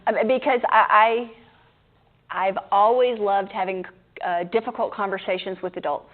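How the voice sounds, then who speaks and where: A woman yoga teacher chatting in a group discussion, lively and laughing, acting out her own inner voice. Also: mid-range voice, normal speed. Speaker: yoga teacher hosting a teacher training. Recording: tinny phone-like sound.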